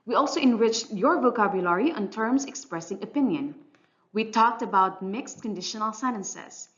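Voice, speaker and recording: A woman teacher giving a clear, measured, scripted English lesson narration. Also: medium pitch, lively intonation, fairly bright tone, dull audio. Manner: clear, instructional, measured delivery.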